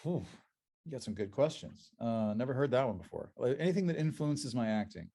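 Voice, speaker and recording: A man with a mid-range voice, a voice actor by trade, tells animated anecdotes fairly quickly as a guest on a convention panel. When he restarts, he repeats words.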